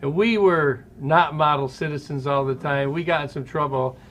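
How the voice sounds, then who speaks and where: A man in his sixties, a former ballplayer hosting an interview, telling lively stories from his playing days. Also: fairly high pitch, moderate pace. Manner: animated storyteller who acts out quotes. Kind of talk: storytelling interview chat.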